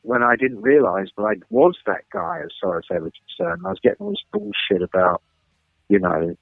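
A man, a rock journalist, telling animated anecdotes as an interview guest and acting out the people in his stories, heard over a phone line. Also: medium pitch, brisk, vocal fry, no room sound. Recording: dry, tinny phone line.

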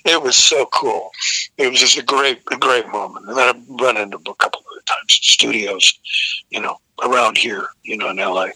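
Bright, dry-voiced older rock singer. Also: male voice, mid-range voice, moderate pace, husky, dry recording, low-quality recording. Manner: rambling anecdotal, frequent restarts, profane. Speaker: rock vocalist guest. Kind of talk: casual storytelling interview.

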